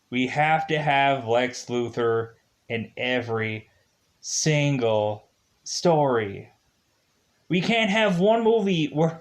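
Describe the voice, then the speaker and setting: A man giving a casual spoken movie review, rambling and animated, with lots of filler words. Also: on the high side. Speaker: film reviewer.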